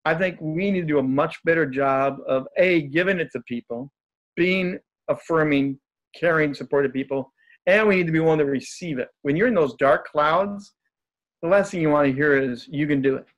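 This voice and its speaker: A man's voice: a little high, moderate pace, dull audio. A man who is a guest speaker, telling stories in a casual, upbeat and joking way. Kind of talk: casual storytelling in conversation.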